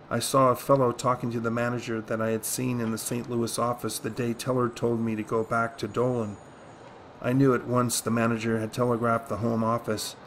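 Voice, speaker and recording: Guy reading an audiobook chapter, flat steady voice, a little hiss behind. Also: medium pitch. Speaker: audiobook reader. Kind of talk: first-person audiobook narration.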